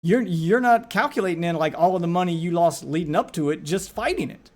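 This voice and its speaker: A man's voice: high-pitched, lively intonation, brisk. A man streaming a reaction to a video, talking casually and with exasperation, often repeating words as he gets heated.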